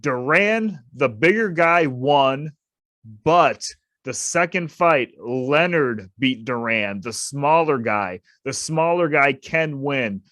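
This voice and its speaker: A man's voice: mid-range voice, lively intonation, takes it slowly, fairly bright tone, dry recording. A man co-hosting a casual boxing podcast, opinionated and emphatic, repeating his points to drive them home. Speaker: podcast co-host.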